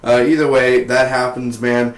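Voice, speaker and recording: Young male reviewer, slangy and rambling, mid-pitch voice, echoey room. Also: moderate pace. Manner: excitable, slangy, rambling with fillers. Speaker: TV show reviewer. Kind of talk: casual recap. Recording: roomy echo.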